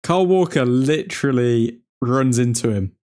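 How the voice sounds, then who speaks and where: A man hosting a live football watchalong, reacting to each chance with loud excitement and grumbling at the referee. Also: mid-range voice, normal speed. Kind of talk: live match commentary.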